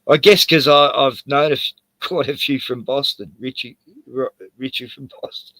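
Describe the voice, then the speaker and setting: A man's voice: medium pitch, steady tone, measured pace, a bit bright, dry recording. An Australian man hosting a casual stream, rambling and laughing as he chats. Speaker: streamer host. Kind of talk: casual chat.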